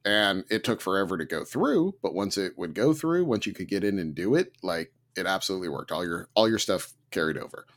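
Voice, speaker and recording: A man co-hosting a casual gaming podcast, talking with big excited swings in his voice. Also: brisk, few pauses. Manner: animated, swings pitch sharply when excited. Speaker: podcast co-host. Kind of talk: casual chat.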